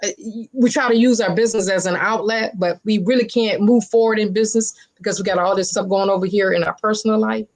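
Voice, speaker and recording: A woman's voice: medium pitch, fairly even intonation, quick pace, few pauses. A woman guest on a talk show speaks in a mid-range voice. She talks with emphatic, motivational energy and keeps repeating key phrases for stress. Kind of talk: casual interview chat.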